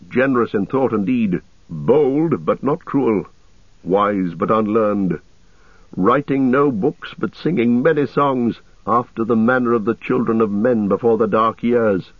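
A man voicing a calm, weary male ranger leader, speaking in a measured, grave way. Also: lowish voice, no echo. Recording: tinny narrow-band radio sound.

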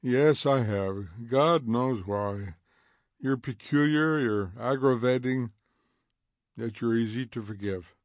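A reserved grown fireman who answers in short, guarded lines, read by a male narrator. The voice stays at the reader's own middle pitch, with no change of tone. The sound is dry and close. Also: slow pace, dry recording, natural voice. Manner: terse, guarded replies.

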